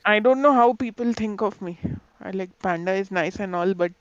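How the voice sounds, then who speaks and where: A man talking in a casual podcast chat, soft-spoken and a little hesitant. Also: sits high, moderate pace. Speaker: podcast co-host. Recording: dull lo-fi mic.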